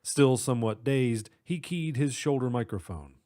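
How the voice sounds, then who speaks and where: Man narrating a storybook, steady. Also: medium pitch, normal speed.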